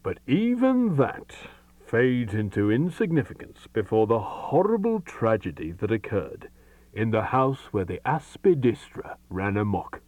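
A pompous, rambling great detective, as the narrator puts him on, holding forth slowly in a raised, lively voice that drops to a whisper now and then. Heard from a little distance in a dry room. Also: male voice, on the low side, no echo.

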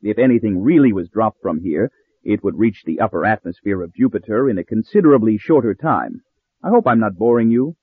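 A man's voice: on the low side, animated, fairly quick, breathy edge, no room sound. A man reading the part of a smug, pompous older professor who threatens with cool politeness, recorded with narrow phone-like sound. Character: smug scheming male professor, older, coolly menacing.

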